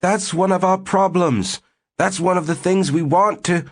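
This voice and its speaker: A man doing an eager, slightly flustered woman who hosts the newcomers. Clearly raised pitch, bright and a bit loud, with the reader's husky grain underneath. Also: lively intonation, fairly quick, lightly acted. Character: Miss Burm, woman colonist, eager and flustered.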